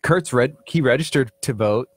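Male radio co-host, mid-pitch, loose rambling banter, dry studio mic. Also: moderate pace, no echo. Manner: rambling, informal, trailing off. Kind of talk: casual talk-radio banter.

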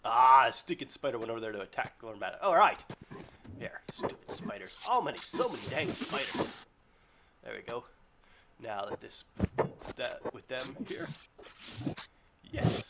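A man commentating his own gameplay, excitable, yelping and groaning as things go wrong. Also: medium pitch, normal speed, long pauses, very noisy. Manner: excitable, yelps and groans at setbacks. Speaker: let's play gamer. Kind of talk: live game commentary.

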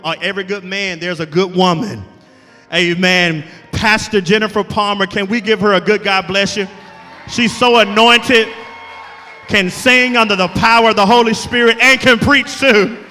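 Preacher, bright and high. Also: male voice, fairly even intonation, moderate pace. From Alabama, USA. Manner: call-and-response preaching, building to shouts. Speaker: guest pastor. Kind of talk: sermon. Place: church sanctuary. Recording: echoey church hall with music behind.

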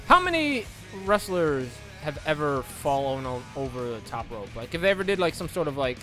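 A young man with a high, bright voice talks through a wrestling game, wandering off into jokes and then slipping into mock announcer calls. The room has a slight echo, and game music plays under him. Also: big pitch swings, a little fast, hardly any pauses. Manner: rambling, joking, mock play-by-play calls. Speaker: let's play commentator. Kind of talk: casual gameplay commentary.

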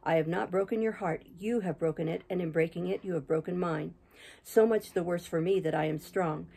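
A woman's voice: lowish voice, fairly quick, gravelly, mellow, breathy edge. A woman reading an anguished, passionate young man, voicing a fierce lover with intense, reproachful words.

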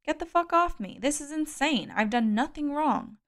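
A woman's voice: medium pitch, fairly even intonation, moderate pace, clear, resonant tone, natural voice. A woman reading an audiobook, voicing a desperate man who protests and pleads with rising anger. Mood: furious, panicked. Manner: pleading, outraged, rising to shouts. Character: desperate middle-aged man, the narrator-hero.

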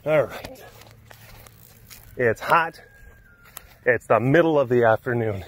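A man hosting a casual walk-and-talk vlog outdoors on a hot afternoon, rambling along in an animated, joking way. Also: medium pitch, slow. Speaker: vlog host at a big cat facility.

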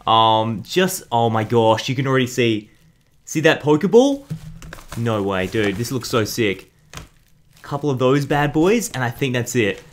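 A young man hosting an excited card unboxing, hyped and full of slang. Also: mid-range voice, measured pace. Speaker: YouTube host.

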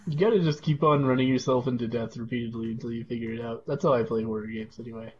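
A man co-hosting a game stream, quietly reading chat aloud in a laid-back way. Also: mid-range voice, fairly even intonation, fast talker, dull audio, slight background noise.

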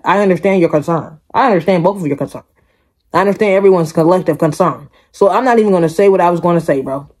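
A woman with a husky, slightly low voice reacts out loud to a video. She talks straight to her viewers, emphatic and animated, and circles back to the same points again and again. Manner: animated, emphatic, repeats herself, addresses viewers directly. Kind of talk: casual reaction commentary.

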